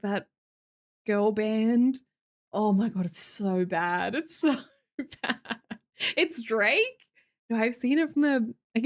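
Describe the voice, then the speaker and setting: Lively young Australian woman streamer. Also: medium pitch. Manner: chatty, jokey, reads viewer comments aloud. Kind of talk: casual chat with live viewers.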